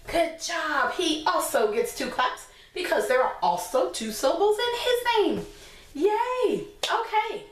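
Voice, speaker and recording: A woman teaching a class of small children, with a slow, sing-song teacherly way of talking. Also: very high voice, very animated, slight background noise. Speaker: preschool teacher. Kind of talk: online class lesson for young children. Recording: echoey room, voice from a distance.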